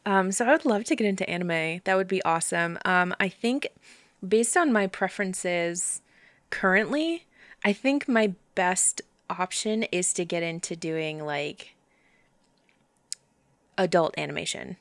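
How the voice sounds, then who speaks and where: Chill young woman on a podcast, lowish voice, laughs a lot. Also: measured pace, no room sound, studio quality. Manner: relaxed, easygoing, laughs often. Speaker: podcast guest, aspiring voice actor. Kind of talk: casual chat.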